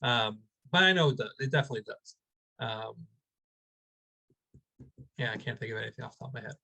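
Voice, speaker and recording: A man teaching a weekly text study over a video call, thinking aloud with many restarts and slowing down to spell out Hebrew words. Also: medium pitch, animated, vocal fry, sharp tone, low-quality recording. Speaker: rabbi teaching a weekly class.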